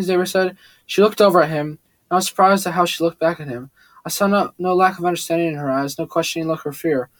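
A man's voice: fairly high pitch, quick pace, dry recording. Man narrating a first-person audiobook. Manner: steady reading with occasional slips and restarts.

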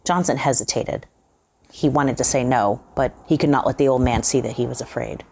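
A woman hosting and reading a horror story aloud in a measured, suspenseful way. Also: a bass voice, vocal fry, darkish tone, slight background noise. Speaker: host and reader.

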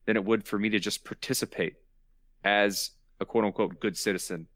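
A man's voice: lowish voice, steady tone, moderate pace, a bit bright, dry recording, studio quality. A man hosting a podcast in casual chat, explaining his point and repeating words for emphasis. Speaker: podcast host.

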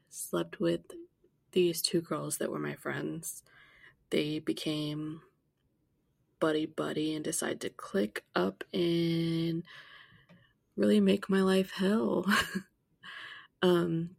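Young woman podcaster, gravelly and flat-toned, candid storyteller. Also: on the low side. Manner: candid, blunt, laughs often. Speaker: podcast host. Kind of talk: personal storytelling.

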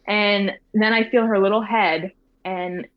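A mother in her thirties recounts her birth story in a soft, reflective voice, pausing and restarting often and using many fillers. Her pitch is mid-range with fairly even intonation. The recording is dry and close, a little dull and muffled, with no echo.

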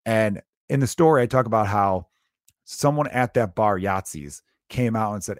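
A man in his thirties telling a story in a casual, animated and profane way, swinging between loud bursts and low asides. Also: fairly quick, dry recording, clean studio sound.

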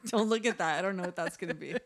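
A woman's voice: lowish voice, fast talker, background noise. A woman co-hosting a podcast, chatting casually and giggling through jokes. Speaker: podcast co-host. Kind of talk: casual chat.

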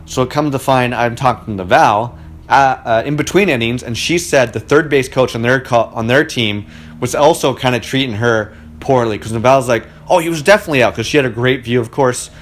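A man's voice: mid-range voice, normal speed, a little hiss or hum. A man telling a story in a casual monologue at home in his living room, talking in a chatty and indignant way. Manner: chatty, indignant, frequent "like" fillers.

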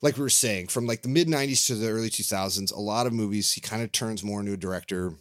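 A man's voice: on the low side, quick pace, fairly bright tone, no room sound, studio quality. A man co-hosting a podcast in casual chat, enthusiastic and swearing freely as he talks. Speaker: podcast co-host.

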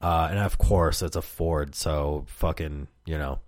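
A man's voice: rumbling low, fairly even intonation, unhurried, dry recording. A man hosting a podcast, telling stories in a rambling, profane, casual way and laughing often, close to the mic. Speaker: podcast host. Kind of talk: casual storytelling monologue.

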